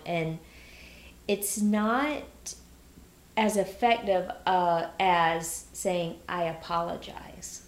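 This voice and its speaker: A woman's voice: fairly low pitch, fairly even intonation, drawn-out words, roomy sound. A middle-aged woman co-hosting a casual talk, earnest and emphatic, giving example phrases. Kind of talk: casual conversation.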